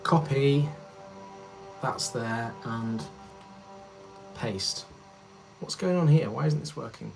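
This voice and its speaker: Faint music underscores this medium-pitched male voice, which moves slowly with vocal fry and long pauses. He's a thirty-something from Yorkshire, England, streaming a relaxed chat where he reads comments, rambles warmly, and loses focus as he edits.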